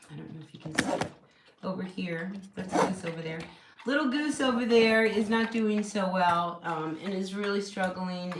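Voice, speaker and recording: Woman doing a casual tarot stream from home, chatty, echoey room, noisy hiss behind her. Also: fairly low pitch. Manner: chatty and encouraging, many "you know" fillers. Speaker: tarot reader hosting a live stream. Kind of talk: casual live tarot reading. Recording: echoey room with steady noise.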